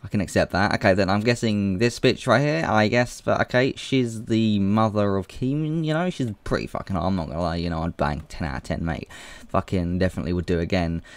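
A man's voice: fairly low pitch, a little fast, no echo. A young man hosting a reaction video, rambling crudely and saying dude all the time. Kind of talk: casual reaction commentary.

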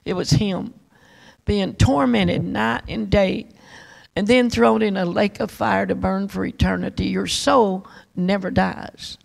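Gravelly woman preaching an emphatic testimony. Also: medium pitch, steady tone, unhurried. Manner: emphatic, repetitive storytelling. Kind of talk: testimony sermon.

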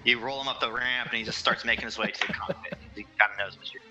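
A man narrating as game master of a tabletop role-playing game, energetic and loose with laughing asides. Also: medium pitch, fast talker, muffled recording, loud music behind the voice.

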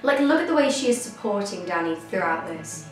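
A young woman rambles through a gushing, casual reaction vlog, cutting in with self-deprecating asides. Her voice sits at an everyday middle pitch. The room rings with strong echo, and soft music plays underneath. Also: big pitch swings, a little fast. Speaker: reaction vlogger. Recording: very echoey room, faint music behind.

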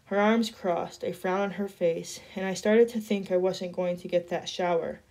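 A woman reading a novel chapter aloud in a steady storytelling voice. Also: fairly low pitch, moderate pace. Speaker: reader.

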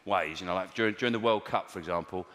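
A middle-aged man doing a stand-up comedy routine, sardonic and wry, recorded live in a venue. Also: fast. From England. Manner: wry, sardonic delivery with lively swings in pitch. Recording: reverberant live venue with faint audience noise.

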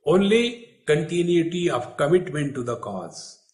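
Swami in an echoey hall. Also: male voice, a little high, sing-song, a little slow, darkish tone. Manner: humorous storytelling with acted quotes. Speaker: spiritual teacher. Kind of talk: spiritual retreat discourse. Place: retreat hall.

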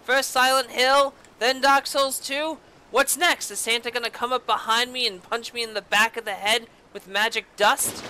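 Sharp, high-voiced woman, let's-play host, foul-mouthed and sarcastic, yelps at jump scares. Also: fairly even intonation, moderate pace, few pauses, slight background noise. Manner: profane, sarcastic running commentary; loud startled outbursts and taunting. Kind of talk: casual gameplay commentary.

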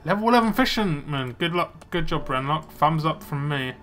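A man's voice: fairly high pitch, expressive, normal speed, fairly bright tone. A young man casually commenting on his gameplay, muttering to himself as he plays. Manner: chatty, muttering to himself while playing. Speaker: let's play gamer.

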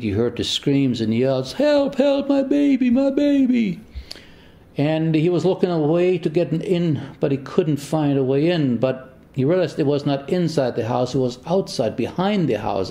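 A man preaching a homily as a priest, telling a long story in an unhurried way with pauses and small restarts before turning to scripture. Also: medium pitch, warm tone.

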